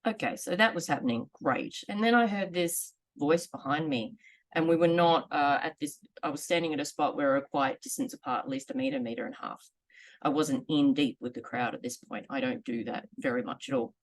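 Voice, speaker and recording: A woman in her forties telling a personal story in a candid, earnest, measured way. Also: low voice. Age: 40s. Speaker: vlogger sharing lived experience.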